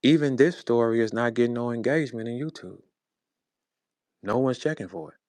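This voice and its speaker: A man's voice: medium pitch, a little fast, darkish tone, no room sound. A man in his forties from St. Louis, a rapper ranting in a confrontational, profane way in an online audio chat, speaking over a phone. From St. Louis, USA. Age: 40s. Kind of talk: heated rant in an audio chat room. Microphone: phone in an online audio room.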